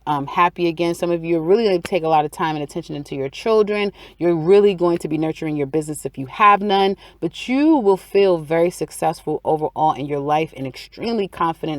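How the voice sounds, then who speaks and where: A woman's voice: lowish voice, no echo. A woman giving a casual weekly tarot reading, chatty and repetitive, acting out people's inner thoughts. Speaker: tarot reader.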